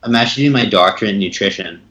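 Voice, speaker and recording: A man's voice: fairly low pitch, very fast, pushed and bright. A young man from Canada, a podcast guest, talking in a casual, chatty way with many fillers and repeated words. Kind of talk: casual interview talk. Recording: echoey room, dull lo-fi sound.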